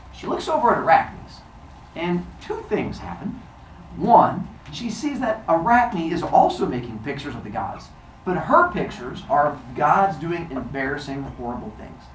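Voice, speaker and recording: A male teacher telling a myth to his class in an animated, theatrical way, recorded in a classroom. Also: medium pitch, echoey room, far from the mic, slight background noise, poor audio. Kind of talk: storytelling lesson.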